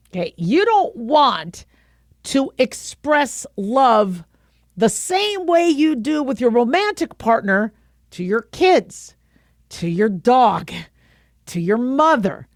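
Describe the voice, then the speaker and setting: A woman's voice: fairly high pitch, dry recording. Chatty woman radio host, dry studio sound. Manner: chatty, playful, frequent restarts. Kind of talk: casual advice talk.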